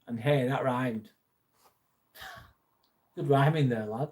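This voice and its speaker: A man's voice: medium pitch, a little slow, pauses often. A young man, chatting bluntly on a live stream, reading and answering viewer comments and swearing freely. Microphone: phone.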